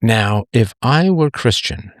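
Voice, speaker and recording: A man's voice: medium pitch, expressive, takes it slowly, dry recording. A middle-aged man hosting a live talk show, musing aloud in a jokey way, full of fillers and restarts. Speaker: host.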